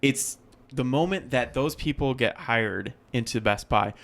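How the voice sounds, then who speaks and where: A man's voice: medium pitch, unhurried, creaky, a bit bright. A young man co-hosting a podcast, chatting casually and rambling with fillers. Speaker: podcast co-host. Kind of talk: casual chat.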